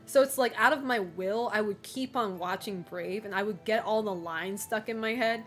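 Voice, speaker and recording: A woman's voice: mid-range voice, moderate pace, faint music behind. A woman streamer chatting casually with her viewers, rambling with lots of fillers and giggling often.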